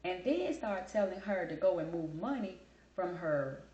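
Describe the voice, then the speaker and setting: A woman's voice: lowish voice, animated, a little slow, warm tone, roomy sound, dull audio. A woman hosting a casual chat show, telling a story in a blunt, emphatic, talkative way. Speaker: host.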